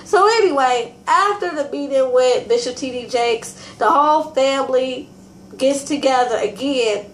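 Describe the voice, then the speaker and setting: A woman's voice: sits high, unhurried. A woman casually recapping and commenting on a reality TV episode, talking straight to her viewers in a chatty way. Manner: chatty, addresses viewers as y'all, frequent fillers and restarts. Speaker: TV review host. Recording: echoey room with faint ambient noise.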